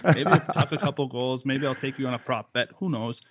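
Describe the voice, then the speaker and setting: A man's voice: medium pitch, brisk, a little hiss or hum. Joking man on a podcast. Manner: laughing, joking banter. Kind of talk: casual chat.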